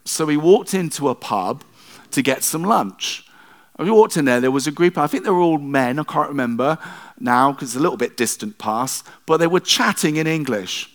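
A man's voice: on the high side, lively intonation, normal speed. A middle-aged male pastor preaching a sermon in a conversational way, with self-deprecating asides.

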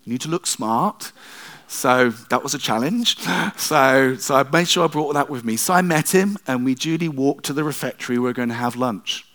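Man, middle-aged, pastor, relaxed sermon, wry asides, medium pitch. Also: fairly quick. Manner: conversational, self-deprecating asides.

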